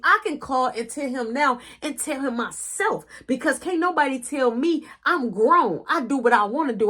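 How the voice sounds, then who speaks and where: A woman doing a furious, screaming mother. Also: high-pitched. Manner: yelling, threatening, cursing. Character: furious shouting mother, harsh and profane.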